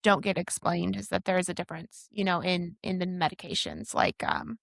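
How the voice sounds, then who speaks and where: Woman in her thirties, frank podcast chat, bit of fry, dry sound. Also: fairly low pitch, animated, a little fast, no room sound. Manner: frank, teasing, reflective. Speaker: podcast co-host. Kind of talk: casual chat.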